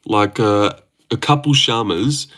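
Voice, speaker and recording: A man's voice: lowish voice, takes it slowly, fairly bright tone. A young man hosting a casual livestream, reading chat aloud and joking around with plenty of swearing. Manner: sweary, joking, laughs often.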